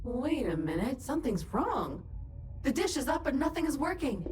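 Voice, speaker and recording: A chirpy female AI assistant, high voice, lively swooping delivery, bubbly and helpful, game voice acting. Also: moderate pace, over loud music. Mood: excited. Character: cheery female AI assistant of a space habitat.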